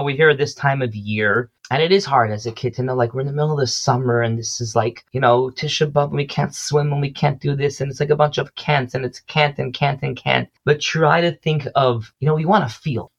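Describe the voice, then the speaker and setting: A man, a guest singer and teacher, talking earnestly and rambling in casual conversation. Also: medium pitch. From United States. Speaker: guest singer-songwriter and rebbe.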